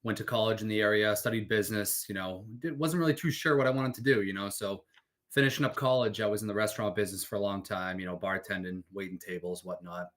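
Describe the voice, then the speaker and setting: Young man, from the Boston area, lowish voice, relaxed, casual podcast guest, lots of fillers. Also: fast talker. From Boston area, USA. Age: young adult. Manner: relaxed, laid-back, uses many fillers. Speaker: insurance agent, podcast guest. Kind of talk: casual interview conversation.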